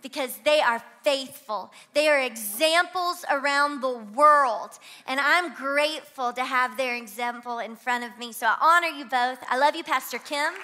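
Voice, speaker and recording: A young woman from Louisiana with a Southern twang, preaching an energetic sermon as guest pastor and urging the congregation to join in. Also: high voice, moderate pace, few pauses. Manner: energetic, exhorts the crowd to shout along. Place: church auditorium.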